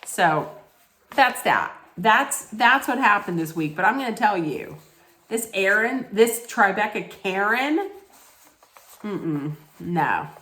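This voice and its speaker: A woman's voice: mid-range voice, expressive, slow pace, fairly bright tone. A woman ranting in a casual recap vlog, blunt, scolding and full of profanity. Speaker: reality TV recap vlogger. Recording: echoey room.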